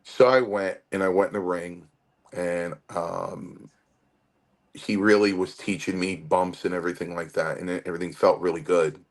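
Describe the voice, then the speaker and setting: A man with a very low, deep voice spins old stories from the ring in an interview. He tells them with many restarts and slips into the voices of the people he quotes. He sounds like someone in his late fifties looking back on his early days. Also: normal speed. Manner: animated storyteller with many restarts and acted-out quotes. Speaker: retired pro wrestler, podcast guest. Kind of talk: storytelling interview.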